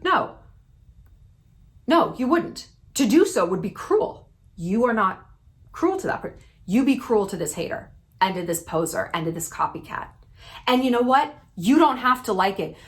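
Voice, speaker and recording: Blunt, emphatic woman with a higher voice. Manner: blunt and emphatic, swears freely, dramatic pitch swings. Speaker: YouTube commentator. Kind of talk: direct-to-camera advice talk.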